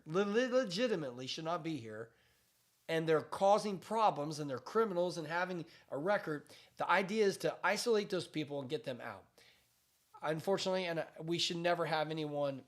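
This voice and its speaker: A man speaking as a pastor, giving emphatic commentary on current events with repeated phrases and frequent restarts. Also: fairly high pitch.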